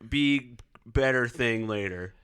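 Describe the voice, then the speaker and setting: A man's voice: medium pitch, slow pace, a crowd in the background, close to an everyday voice. A man putting on a simple-minded baby voice with childlike broken grammar, in a casual podcast chat. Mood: silly.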